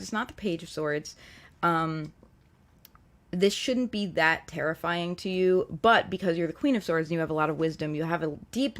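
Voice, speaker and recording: A woman hosting a casual live-stream tarot reading, earnest and reflective as she gently advises her viewers. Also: lowish voice. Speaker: tarot reader and show host.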